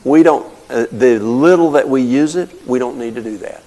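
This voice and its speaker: A man's voice: medium pitch, normal speed, mellow, rough recording. An older man giving a folksy teaching talk, telling stories and explaining with plain everyday examples. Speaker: health talk presenter.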